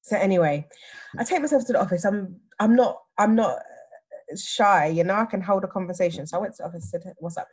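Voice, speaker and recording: A woman, chatting casually and recounting events with animated flair. Her voice is husky and sits at a middle pitch. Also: a little fast. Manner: animated, acts out others' lines. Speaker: podcast guest, teacher. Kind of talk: casual storytelling chat.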